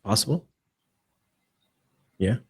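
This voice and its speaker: A man from Canada as a guest in casual chat, joking and musing expressively. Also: takes it slowly. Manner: expressive, jokey, philosophical.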